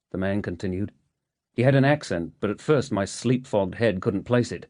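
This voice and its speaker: A male audiobook narrator reads a first-person novel with measured, steady storytelling. His voice sits fairly low, and the recording is close and dry with no room sound. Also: no room sound.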